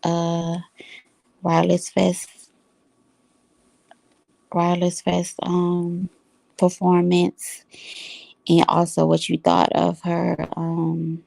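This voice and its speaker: A woman signs off her vlog in an unhurried, rambling way. Her voice sits a little low and is full of gravelly fry. The sound is dry and close, with no room around it. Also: monotone, a little mellow, no echo. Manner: slow, rambling, with fillers. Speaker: vlogger. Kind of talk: casual vlog outro.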